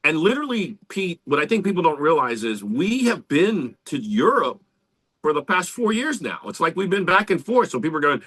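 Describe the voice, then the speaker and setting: A man, co-hosting a podcast in casual, animated talk. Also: a little high, normal speed, slightly rough. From Central Florida, US. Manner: animated, swearing, lively storytelling. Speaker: podcast co-host, band member.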